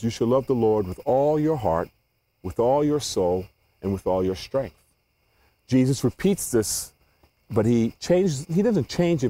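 A man preaching in a hall to a live audience, with a mellow, dark-toned voice. He stops often to put questions to the room and repeats words as he gathers his thoughts. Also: mid-range voice.

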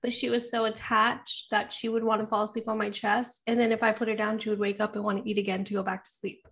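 A woman, co-hosting a casual chat and telling animated stories, acting out what people said. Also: medium pitch, fast. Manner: animated storytelling, acts out quotes, laughs often. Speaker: podcast co-host.

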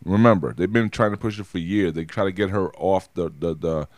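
A man's voice: sits low, fairly quick, dry recording, studio quality. A man co-hosting a podcast, talking casually about wrestling in a rambling way, with lots of restarts and repeated words. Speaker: podcast co-host.

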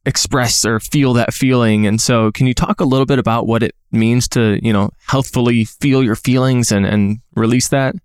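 A man hosting an interview podcast, asking a question in a measured, thoughtful way. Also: medium pitch, fairly even intonation, smooth, dry recording, studio quality. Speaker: podcast host.

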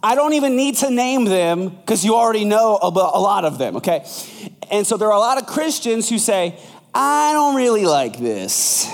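A man preaching a sermon as pastor, conversational and lively, acting out quoted voices. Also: brisk, long reverb tail. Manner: animated, acts out quoted voices with big pitch jumps.

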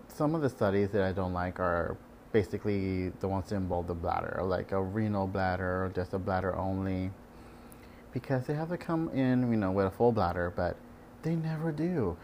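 A man's voice: deep voice, moderate pace, a little mellow, slight background noise. A man working as an ultrasound technologist, ranting casually and candidly about patients, swearing freely and mimicking them.

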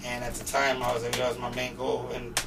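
A young man from North Portland, Oregon, guesting on a podcast and telling profane, animated stories full of acted-out quotes. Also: mid-range voice, brisk, gravelly. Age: young adult. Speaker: guest rapper. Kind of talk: casual storytelling interview. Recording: distant mic with noisy background.

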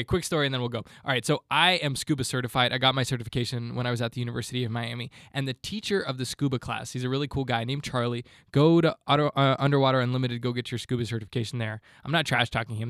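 A man's voice: medium pitch, no room sound, clean studio sound. A man in his twenties hosting a solo podcast, talking in a fired-up, motivational ranting way. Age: 20s. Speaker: podcast host.

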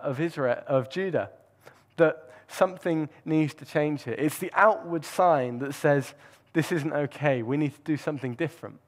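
A man preaching with an earnest, reflective manner. His voice sits a little high for a man. He pauses with fillers and restarts as he thinks aloud. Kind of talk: sermon.

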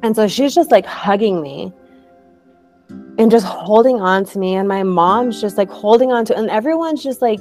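A woman's voice: mid-range voice, dark tone. A young woman telling her own story in a casual, chatty way, full of "like" fillers and light laughs.

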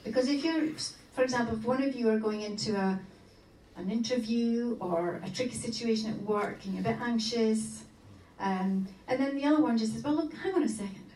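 A woman's voice: fairly high pitch, normal speed, mellow. A woman co-leading a marriage course, talking informally to a group of couples, hesitant and full of fillers and restarts. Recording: roomy hall, distant mic, background noise.

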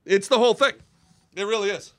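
A man's voice: high-pitched, brisk, fairly bright tone, dry recording. A man hosting a podcast and chatting casually, rambling with restarts before landing emphatic lines. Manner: rambling, hesitant, with many restarts, then emphatic. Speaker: podcast host.

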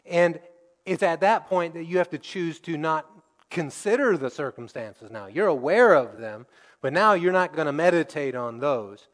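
Male preacher, fairly high voice, emphatic sermon delivery, long hall echo. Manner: emphatic, teaching verse by verse.

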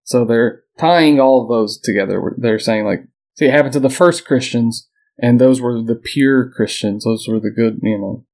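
A man's voice: mid-range voice, moderate pace, darkish tone. A man hosting a casual history podcast, reading his notes aloud and joking with his co-hosts. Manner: reads notes aloud, jokes and laughs with co-hosts. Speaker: podcast host.

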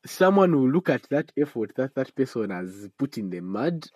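A man hosts a casual solo podcast in a middle-pitched voice. He talks in a chatty, joking way and laughs at his own asides. Now and then his voice leaps high in animated outbursts. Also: moderate pace, breathy edge, rough recording. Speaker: podcast host.

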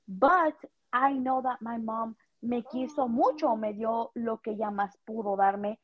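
A woman's voice: on the high side, steady tone, measured pace, dull audio. A woman and mother chatting casually, mixing English and Spanish in an encouraging, reflective way. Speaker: podcast co-host, stay-at-home mom. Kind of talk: casual chat.

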